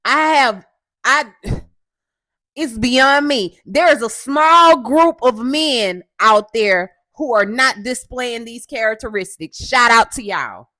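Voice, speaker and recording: Woman host, coarse and assertive, talks loud in a dry booth. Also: on the high side, lively intonation, takes it slowly, no room sound. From Houston, Texas. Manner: loud, assertive, keeps asking "okay?". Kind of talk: casual commentary monologue.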